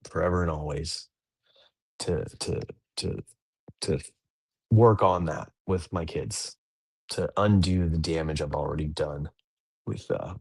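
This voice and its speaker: Low-voiced guy in his 30s rambling about his day, restarts a lot, dry close sound. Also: gravelly, a little mellow, slightly rough, no echo. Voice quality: rambling, self-correcting. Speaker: podcast host. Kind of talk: casual reflective chat.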